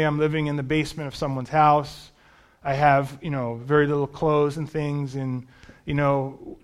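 Storytelling preacher, man, slightly high voice. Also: fairly bright tone. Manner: storytelling, conversational, self-deprecating. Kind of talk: sermon testimony.

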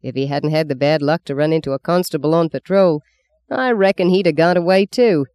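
Bluff country sergeant, loud and boastful, read by the narrator. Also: medium pitch, fairly quick, clear, resonant tone, no room sound, natural voice. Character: rough, boastful country police sergeant, man.

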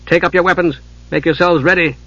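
A man voicing a stern, grim male knight sub-commander who barks orders and turns low and tense in private, on a dull lo-fi recording. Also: fairly even intonation, a little fast, sharp tone, no echo. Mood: commanding.

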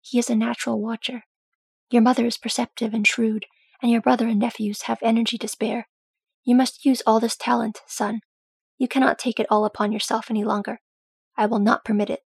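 A woman's voice: on the high side, little pitch movement, a little fast, gravelly, slightly rough, dry recording, exaggerated voice. Woman doing stern old dwarf father Thrain. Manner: firm and commanding.

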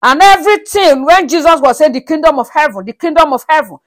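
Animated woman preaching a sermon. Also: sits high, fast talker. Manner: animated, with frequent rhetorical checks on the congregation; breaks into laughter and praise between verses. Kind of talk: sermon with Bible reading.

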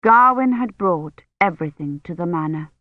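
A woman reading a novel aloud as scripted narration, in a measured storytelling manner. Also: fairly low pitch, animated, no echo. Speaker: audiobook reader. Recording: tinny phone-like dry sound.

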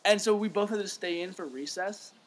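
A young man co-hosting a podcast, telling a story in casual chat, animated, swearing freely and acting out what people said. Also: sits high, brisk, slight background noise. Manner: animated, swears freely, acts out quotes, laughs often. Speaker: podcast co-host.

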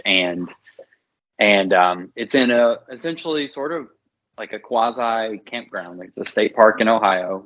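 A man co-hosting a podcast in casual chat, talking in a relaxed, explanatory way with frequent ums. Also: on the low side, highs cut off. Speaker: podcast co-host.

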